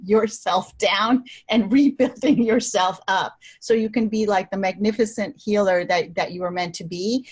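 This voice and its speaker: A woman's voice: medium pitch, slightly rough. A woman speaking as an interview guest, talking eagerly with frequent restarts and bursts of laughter. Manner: eager, restarts often, laughs when excited. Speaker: interview guest, wellness practitioner. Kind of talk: enthusiastic interview talk.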